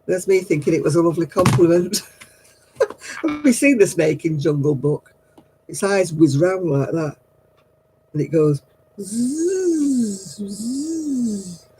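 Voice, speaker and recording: A woman's voice: sits low, expressive, moderate pace, pauses often, mellow, slightly rough, low-quality recording. A woman hosting a livestream craft night, who chats casually, tells stories and laughs at herself often. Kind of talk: casual chat.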